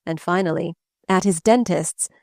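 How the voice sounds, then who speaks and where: A woman narrating a classic novel in a measured, even-toned reading, recorded close to the mic. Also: fairly low pitch, no echo. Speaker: audiobook narrator. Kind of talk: scripted literary narration.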